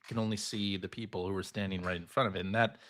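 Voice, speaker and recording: A man's voice: low voice, fairly even intonation, very fast, fairly bright tone. A man hosting a podcast in casual chat, laughing often as he loosely relays news. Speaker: podcast host.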